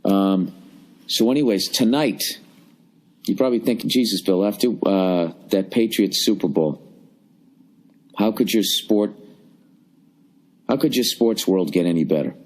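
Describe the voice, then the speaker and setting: Podcast host, man in his forties, low-pitched, profane ranting monologue from a hotel room. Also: measured pace, pauses often, a little mellow. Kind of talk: solo comedic podcast rant.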